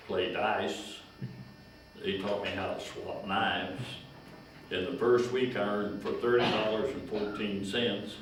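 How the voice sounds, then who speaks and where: A retired county agent, a man from Kentucky in his 90s, speaks in a deep voice as he chuckles through long, slow, folksy personal stories. Slight background noise, an echoey room and a distant mic mark the recording.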